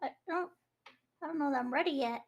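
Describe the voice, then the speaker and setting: A woman with a high voice chats during a tabletop game. She asks questions and muses in a casual way. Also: fairly quick, creaky. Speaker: player.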